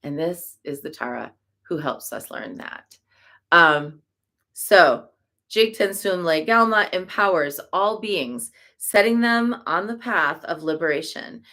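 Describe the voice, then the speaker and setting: A woman teaching in a slow, unhurried way, her voice sitting a little low. She searches for her words with fillers and soft laughs, and sometimes chants syllables as examples. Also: lively intonation. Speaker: Buddhist teacher. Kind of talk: relaxed spoken teaching.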